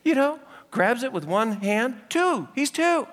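Man preacher, animated storyteller, bright, echoey hall sound. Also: very high voice, measured pace. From Southern California. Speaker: pastor. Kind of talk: sermon.

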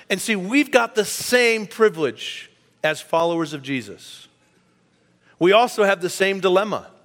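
A middle-aged male pastor delivers a sermon with a somewhat high voice. He leans hard into his points, then falls to a hushed near-whisper. The sound carries a long reverb from a large church hall. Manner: emphatic preaching, rising and dropping to a quiet hush.

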